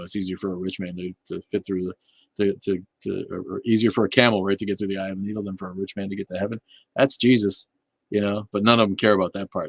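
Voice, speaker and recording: A man's voice: sits low, husky. A man hosting a casual livestream chat, reading and answering viewers' comments in a blunt, profane way, with many fillers and restarts.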